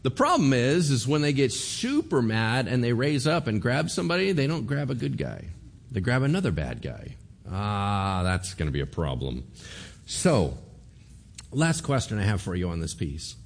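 A man preaching a sermon as pastor, animated, acting out the voices of figures in the story. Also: mid-range voice, moderate pace, creaky.

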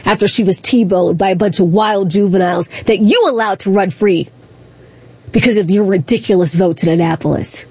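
A woman's voice: medium pitch, normal speed, a little mellow, breathy edge. A woman hosting talk radio, speaking in a combative, indignant way with repeated rhetorical questions.

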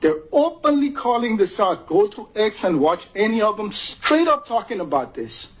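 Husky man from Iran, impassioned. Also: high voice, big pitch swings, normal speed, rough recording. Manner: urgent, emotional, repeating himself. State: near tears. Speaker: public commenter at a meeting. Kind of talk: impassioned public comment.

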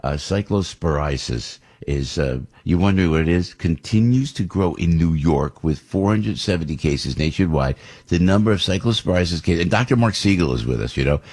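A middle-aged American man with a very deep, husky voice hosts a talk radio show. He rambles from one opinion to the next and often restarts his sentences. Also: moderate pace. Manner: rambling, animated, with many restarts and asides.

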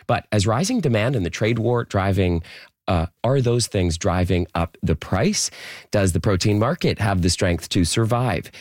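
A deep-voiced man hosts a morning radio show, leading an interview in an easy, lightly scripted way. His studio microphone gives a close, very dry sound with no room around it. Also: dry recording. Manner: smooth, conversational, lightly scripted.

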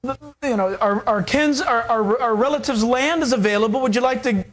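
A preacher voicing Boaz as a kind, steady, easygoing landowner who speaks politely in a casual way. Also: mid-range voice, fairly quick, close to an everyday voice. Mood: earnest.

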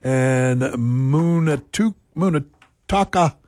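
A man co-hosting a casual sports talk show with a gravelly, husky voice and teasing banter. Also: on the high side, extremely slow, a little mellow, no echo. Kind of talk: casual sports radio chat.

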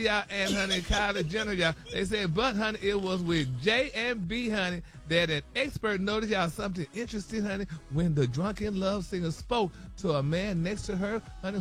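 A man with a fairly high voice delivers radio celebrity gossip in a studio. He is dramatic and calls everyone "honey" and "y'all" nearly every phrase. Soft music plays under him. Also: lively intonation, normal speed.

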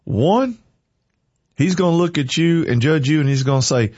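A man's voice: on the high side, fast, darkish tone, dry recording, dull audio. A man hosting a morning show, chatting folksy and then preaching with energy. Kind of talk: casual chat turning to preaching.

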